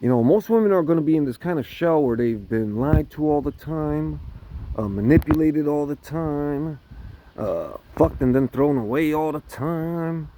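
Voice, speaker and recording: A man's voice: on the high side, normal speed, slight background noise. A man ranting casually to camera, swearing constantly and laughing between lines. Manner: profane, laughing often, animated. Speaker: vlogger.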